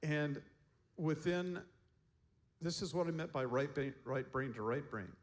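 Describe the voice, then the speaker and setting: A man giving a seminar talk as a counselor, telling stories in a relaxed way and chuckling often. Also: fairly high pitch, unhurried. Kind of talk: storytelling talk to a seminar group.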